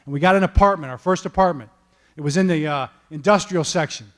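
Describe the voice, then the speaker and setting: A man's voice: on the high side, fast. A man, a football coach, giving a motivational storytelling talk to an audience, keeping listeners with him with frequent "okay?" and "all right?" check-ins. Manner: animated, punctuates points with "okay?" and "all right?". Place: event stage before an audience.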